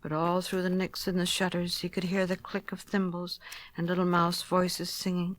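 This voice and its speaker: Gentle woman reading a storybook. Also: on the low side, normal speed, dry recording. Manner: gentle expressive read-aloud, dropping to a hush.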